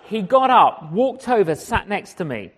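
A man preaching as an evangelist, telling stories in an animated way and acting out the conversations. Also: high voice, a little slow, slight background noise. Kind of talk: storytelling sermon.

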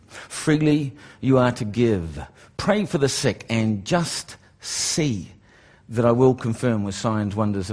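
Slow solemn divine voice, calm and measured, a man quoting it in a sermon. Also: medium pitch, voice pushed down, lightly acted. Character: solemn divine male voice speaking calmly.

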